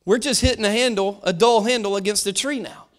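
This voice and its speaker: A man preaching a sermon as pastor, lively and animated, shouting at peaks and dropping to a hush, often restarting phrases and acting out voices. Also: sits high, a little fast.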